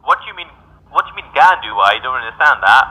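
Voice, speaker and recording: A man with an Indian English accent on a phone call, hesitant and defensive, halting often. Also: mid-range voice, lively intonation, bright, forceful tone. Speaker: phone scammer.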